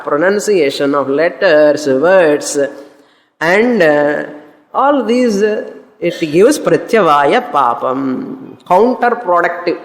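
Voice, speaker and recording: A woman's voice: lowish voice, in a large hall. A woman teaching a scripture class, explaining Sanskrit verses word by word, repeating terms and slipping into Tamil. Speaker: Vedanta teacher.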